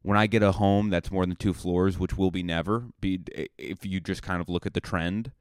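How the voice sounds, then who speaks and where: Man, low voice, smooth and clear, dry close sound, rambling comic podcast monologue. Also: steady tone, normal speed, no room sound. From Massachusetts. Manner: rambling, self-mocking, jokey asides. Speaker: comedian and podcast host. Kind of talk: solo comedic podcast monologue.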